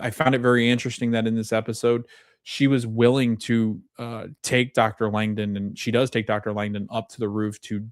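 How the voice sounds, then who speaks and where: Male podcast host, relaxed and thoughtful recap delivery, low pitch, dry close mic. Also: dry recording. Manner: casual, thoughtful, acts out quoted lines. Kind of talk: TV episode recap.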